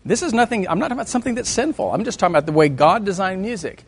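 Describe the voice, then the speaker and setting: A middle-aged man teaching a class on music and faith, lively and joking, breaking into sung and hummed examples. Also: high-pitched, rapid-fire, slightly rough. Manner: animated, sings and hums examples, jokes with the class.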